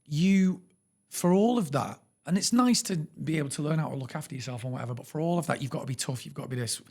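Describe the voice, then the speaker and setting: A man in casual podcast chat who speaks quickly and reflectively. He stammers through restarts now and then. His voice sits slightly high. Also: darkish tone. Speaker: podcast co-host.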